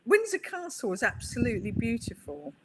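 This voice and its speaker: A middle-aged woman, a guest on an interview podcast, telling stories in a chatty, animated way. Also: a little high, fairly quick, a little hiss or hum. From England. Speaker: guest, pool player. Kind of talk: interview conversation.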